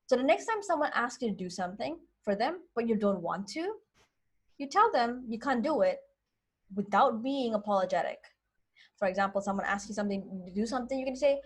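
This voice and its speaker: A woman's voice: a little high, animated, brisk, breathy edge. Earnest woman coaching on people pleasing. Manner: earnest, acts out example phrases. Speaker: social anxiety coach. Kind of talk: direct-to-camera advice talk.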